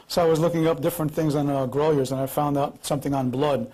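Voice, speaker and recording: A man's voice: a little high, fairly even intonation, fast, a little mellow, rough recording. A man invited up as a guest, earnestly explaining something he found to an audience. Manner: earnest, reads a passage aloud.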